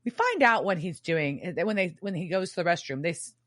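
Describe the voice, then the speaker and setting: Woman podcast co-host, low voice that swings widely, casual and profane recap chatter. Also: fast talker, dry recording, clean studio sound. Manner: animated, swears freely, emphatic outbursts. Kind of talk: casual chat recapping a TV episode.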